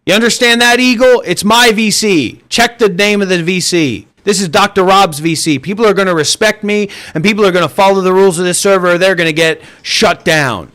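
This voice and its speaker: A man's voice: high-pitched, fairly quick, hardly any pauses, a bit bright. A man hosting an online voice chat and livestream, scolding listeners with profanity and repetition. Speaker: voice chat host and streamer. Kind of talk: livestream rant.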